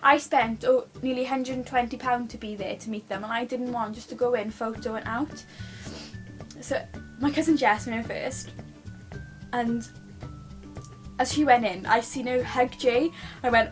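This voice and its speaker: A woman's voice: on the high side, steady tone, normal speed, faint music behind. A young British woman telling a personal story to her camera at home, gushing and rambling with lots of restarts. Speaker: vlogger.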